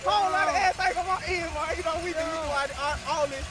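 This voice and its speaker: A young man, a college football player, hyping up the camera with loud, slangy talk while cold outdoors at a football field. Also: extremely high pitch, fairly even intonation, fast. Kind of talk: hyped-up joking to camera.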